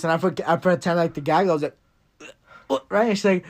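Young male podcast host, slightly high voice, laid-back rambling chat. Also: fast talker, pauses often. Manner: laid-back, joking, lots of fillers. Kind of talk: casual chat.

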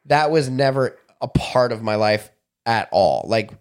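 A man's voice: mid-range voice, lively intonation, a little slow, smooth. A man co-hosting a podcast, chatting casually with a stuffed-up nose and heavy mouth breathing, correcting himself as he goes. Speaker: podcast co-host. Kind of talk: casual chat.

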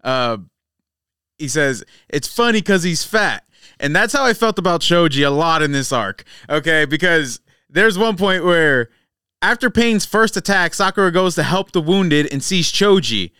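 Bright, crisp-voiced man, slightly high. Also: moderate pace, no room sound, studio quality. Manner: animated, profane storyteller. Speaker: podcast co-host. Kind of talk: casual chat.

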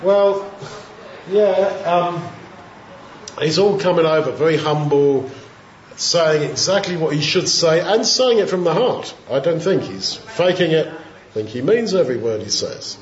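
A man giving an informal, reflective Bible teaching in a conversational way, pausing with fillers as he thinks. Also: fairly high pitch, lively intonation. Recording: roomy, dull lo-fi sound.

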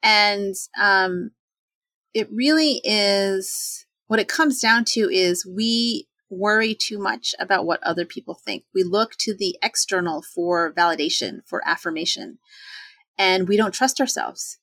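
A woman in her forties in casual talk, chatty and animated, acting out quoted voices with sudden jumps in pitch. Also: a little slow, no echo. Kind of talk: casual talk on self-doubt.

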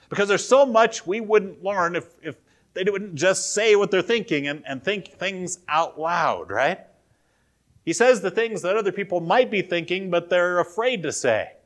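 In a mid-range, fairly bright voice, a male pastor delivers a sermon in a conversational style, often putting questions to the congregation.

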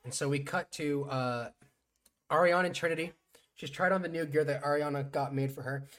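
A man's voice: a little fast, a bit bright. A man co-hosting a podcast, telling a show's events in casual, profane chat. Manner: profane, storytelling, mimics people in high voices. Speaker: podcast co-host.

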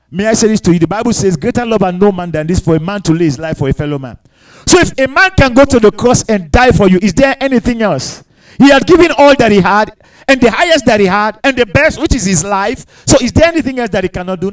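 A man's voice: high-pitched, lively intonation, fairly quick, low-quality recording. A male pastor preaching a sermon, repeating phrases and asking the congregation rhetorical questions.

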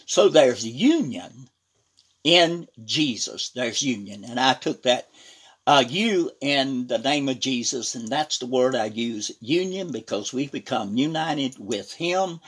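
A male preacher with a husky, slightly rough voice delivers a sermon at a middling pitch. His intonation leaps up and down as he reads scripture with emphasis. He keeps breaking in with "praise God" and "hallelujah", moving between loud and soft.

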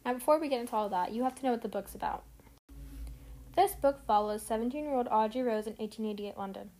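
Teen girl doing a book podcast, quick chatty talk, kinda high voice. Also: dark tone, rough recording. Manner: fast, chatty, earnest. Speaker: podcast host.

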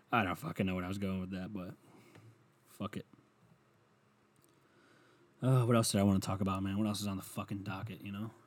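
A man's voice: low-pitched, husky. A young adult man rambling and ranting at home, sarcastic and full of swearing, in a solo comedic monologue.

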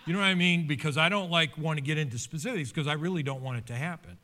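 A pastor delivers a conversational sermon in a bright, forceful voice. He tells stories with humor and lively asides. His delivery is animated and informal. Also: a little high, fast talker.

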